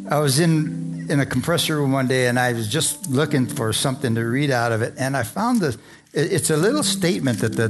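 A pastor preaching a sermon, slowing down to stress phrases and calling for amens from his congregation. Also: mid-range voice. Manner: emphatic, slows down to stress lines, calls for amens.

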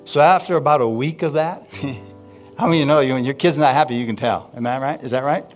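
Middle-aged pastor guy preaching, chatty storytelling, asks the crowd stuff a lot, quiet guitar in the back. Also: medium pitch, a little fast. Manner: animated, calls out to the congregation. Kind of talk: sermon storytelling.

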